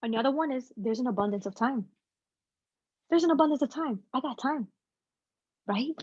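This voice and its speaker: A woman guest speaker giving a casual, energetic motivational talk to a team over a video call, with plenty of slang. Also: high voice, moderate pace, slightly rough, dry recording, lo-fi sound.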